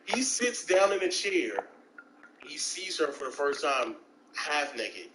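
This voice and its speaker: A man's voice: slow pace, background noise. A man telling stories in casual chat and acting out the people in them with jumps in his voice. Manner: animated, acts out quoted voices with big pitch jumps.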